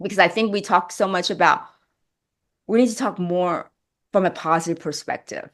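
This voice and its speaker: A middle-aged actress speaking as an interview guest, emotional and halting with many restarts. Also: female voice, on the low side. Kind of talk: interview chat.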